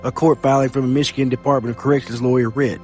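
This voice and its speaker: A man hosting a podcast, reading news reports aloud in a steady read-aloud delivery. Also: medium pitch, rapid-fire. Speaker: podcast host. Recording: faint music bed behind.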